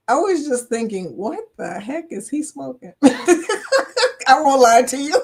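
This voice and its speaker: A woman's voice: mid-range voice, darkish tone. An older woman hosting a casual livestream chat, greeting viewers by name and laughing often.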